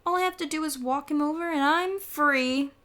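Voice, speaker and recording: A woman's voice: high-pitched, normal speed, fairly bright tone, pitched above the performer's own voice. A woman voicing a bossy young teenage girl who talks in a smug, mocking way. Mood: teasing.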